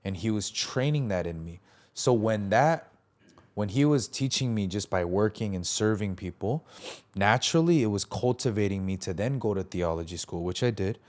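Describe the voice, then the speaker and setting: A man with a lowish voice tells his story in a relaxed interview. He is earnest and reflective, and he brings past dialogue to life with animated retelling. He speaks as a preacher looking back. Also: moderate pace. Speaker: preacher and podcast guest.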